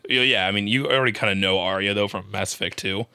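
Brief: very deep, bright-toned man, rambling casual chat, dry sound. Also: quick pace, smooth, no room sound. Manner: relaxed, rambling.

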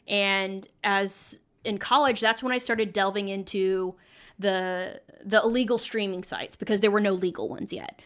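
A woman's voice: mid-range voice, fairly even intonation, a little slow, fairly bright tone. A young adult woman chatting enthusiastically as a podcast guest, drifting from one tangent to the next. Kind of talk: casual chat.

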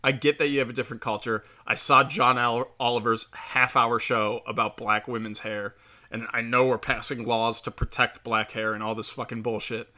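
Bright-voiced man ranting and swearing. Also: medium pitch, flat delivery, moderate pace. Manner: heated, swearing, rambling with fillers. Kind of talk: profane opinion rant.

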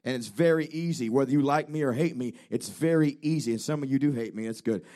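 A traveling evangelist preaches a fervent, declamatory sermon during a revival service in a church. His voice is medium-pitched and mellow, and he speaks quickly.

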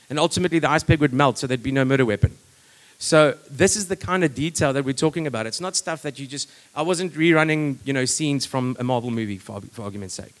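A man's voice: medium pitch, a bit bright. A man giving a personal testimony in a rambling, conversational way, full of fillers and restarts.

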